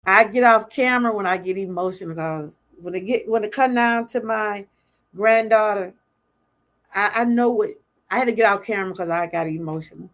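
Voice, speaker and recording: A woman's voice: mid-range voice, moderate pace, a bit bright. An older woman, hosting a livestream and talking earnestly and from the heart straight to her viewers, often moved as she speaks. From Georgia, US. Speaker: livestream host. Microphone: webcam or phone livestream.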